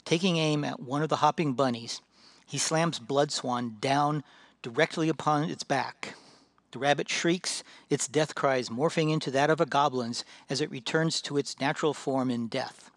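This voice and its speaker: A man reading a fantasy tale aloud as narrator, measured and dramatic. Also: fairly high pitch, a bit bright, no echo.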